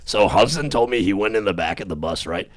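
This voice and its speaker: A man's voice: on the low side, fairly quick, no echo. A young man telling stories in a casual chat, cursing freely. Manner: animated storytelling, swears a lot. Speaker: storyteller in a group chat.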